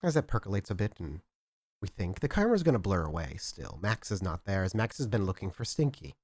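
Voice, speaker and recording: This storyteller of a tabletop role-playing game has a deep voice and a brisk delivery, narrating in a descriptive, conversational way full of energy and fillers. The recording is dry and studio quality.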